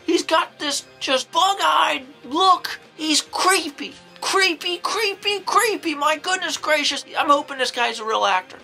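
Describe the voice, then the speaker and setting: A woman playing an eccentric, excitable old nun who reviews horror movies, rambling along with folksy exclamations. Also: high voice. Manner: rambling, folksy exclamations, jumps into acted quotes. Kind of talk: in-character comedic movie review.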